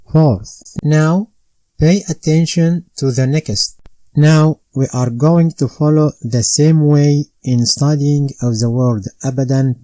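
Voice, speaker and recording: Slow, methodical male recitation teacher. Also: mid-range voice, darkish tone, no echo. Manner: methodical, spells out letters and vowel marks one by one. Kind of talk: slow step-by-step instruction.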